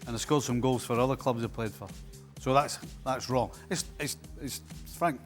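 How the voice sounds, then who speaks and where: A man's voice: medium pitch, normal speed, faint music behind. A man, a former footballer and pundit, talking bluntly and dryly in panel chat. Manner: blunt, dry.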